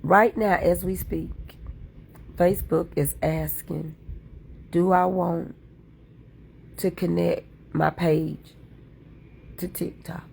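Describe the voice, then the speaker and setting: A woman's voice: on the low side, fairly even intonation, slow, creaky, pauses often, darkish tone, slight background noise. A woman livestream host talking in a fervent, preachy way, repeating her points over and over. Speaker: livestream content creator. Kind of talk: impassioned livestream talk.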